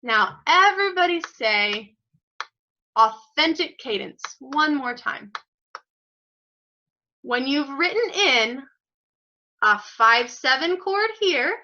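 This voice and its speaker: Music teacher, woman, bright lively high voice, encouraging, lo-fi sound. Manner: encouraging, praises students by name; slow, step-by-step instructions. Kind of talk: online group music lesson. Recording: dull lo-fi audio.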